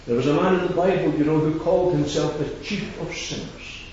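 A man's voice: on the high side, brisk, few pauses, a little mellow, slight background noise. A man preaching an evangelistic sermon, rising and falling with emphasis and repeating scripture. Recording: echoey hall from far off, dull lo-fi.

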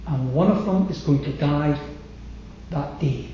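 A man preaching a sermon, slow and emphatic, letting his phrases fall away to a hush. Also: a little high, slight background noise. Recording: very echoey hall, slightly dull sound.

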